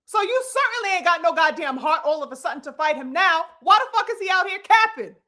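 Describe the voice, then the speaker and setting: Woman, boxing vlog commentator, high voice, sharp and bright, emphatic, profane, preachy audience call-outs. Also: lively intonation, fast.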